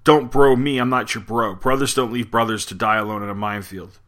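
A man's voice: medium pitch, steady tone, brisk, a bit bright, lightly acted. A man reading the lines of a young male soldier who turns on a former friend in anger. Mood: angry.

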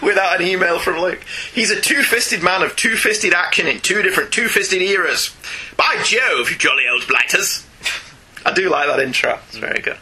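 A man's voice: high voice, a little fast, few pauses, sharp tone, breathy edge. A man hosting a podcast, reading out listener emails in a chatty, jokey way. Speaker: podcast host.

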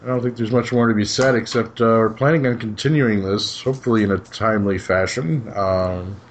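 Man, low voice, easygoing podcast host who laughs a lot and trails off. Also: fairly quick, slight background noise. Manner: laid-back, chuckling, trailing off with "so". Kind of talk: casual podcast chat.

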